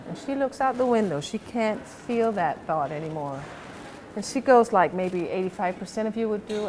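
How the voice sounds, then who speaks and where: A woman with a fairly high voice calmly recounts a coaching session, acting out both sides of the conversation. She speaks outdoors, and steady background noise carries under her voice. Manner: calm, retelling a coaching session with quoted dialogue. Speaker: house coach. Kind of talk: storytelling monologue to camera. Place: outdoors at a museum park.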